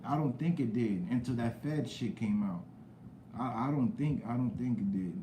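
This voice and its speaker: A young man chats casually on a live stream, drifting from topic to topic and calling out viewers by name. His voice is mellow and relaxed. The room echoes around him, with a faint hiss underneath. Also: medium pitch, moderate pace. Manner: loose, rambling talk with slang and cursing, greets chat viewers loudly.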